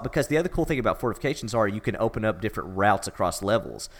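A man's voice: fairly low pitch, lively intonation, racing, hardly any pauses. A man co-hosting a gaming podcast, talking casually and rambling with enthusiasm. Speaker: podcast co-host. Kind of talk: casual chat.

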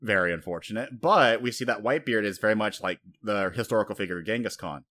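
A man co-hosting a casual podcast, rambling and animated as he retells story scenes, slipping into quoted voices. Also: fairly low pitch, fast. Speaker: podcast co-host. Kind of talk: casual anime discussion.

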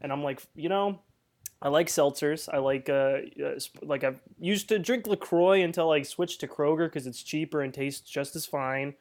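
A man's voice: fairly high pitch, normal speed. A man co-hosting a podcast in casual chat, laid-back and rambling with lots of fillers. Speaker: podcast co-host.

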